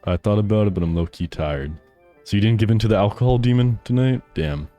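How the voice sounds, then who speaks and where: Male game streamer, low voice, chatty, laughs a lot, casual swearing, faint music behind. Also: fast, warm tone. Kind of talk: casual live-stream chat while gaming.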